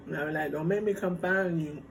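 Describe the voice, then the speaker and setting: A woman vlogger chatting casually while eating, playful and quick to laugh. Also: low voice, gravelly. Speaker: mukbang vlogger. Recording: noisy home recording.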